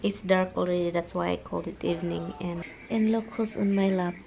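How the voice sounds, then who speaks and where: A woman's voice: fairly low pitch, little pitch movement, brisk, creaky, crowd noise, poor audio. A woman with a Filipino accent, vlogging at home and cooing baby talk to her dogs, slipping into Tagalog. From Philippines. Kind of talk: casual vlog talking to her dogs.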